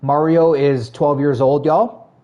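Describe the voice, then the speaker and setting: During a live stream of a video game, a relaxed, talkative man greets his viewers and responds to their messages, laughing frequently. He speaks slowly with fairly even intonation in a dark, somewhat high voice, and the recording is muffled.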